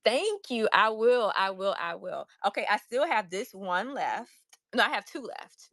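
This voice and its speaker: A woman running a casual live stream where she sells handmade crafts. She is loud and excitable and chats with viewers in the chat. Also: medium pitch, a little slow, no room sound. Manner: loud, by her own word.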